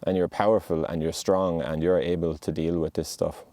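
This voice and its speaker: A man giving a heartfelt, motivational monologue outdoors on a mountainside. He speaks in an earnest, gentle and reassuring way. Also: low voice, flat delivery, a little fast, dry recording. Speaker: podcast host.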